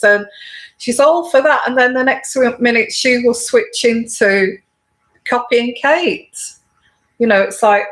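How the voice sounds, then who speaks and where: Woman tarot reader, unhurried and halting, slightly high voice, plenty of ums. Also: a bit bright, rough recording. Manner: halting, repetitive, many fillers and restarts. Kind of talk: casual monologue vlog.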